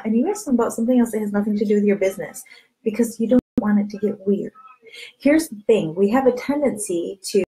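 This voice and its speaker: This woman talks fast in a mid-range voice, captured on a rough recording. Addressing the camera, she coaches her direct sales team candidly and chattily, leans on catchphrases, and animatedly plays out conversations with friends, shifting her voice to quote them.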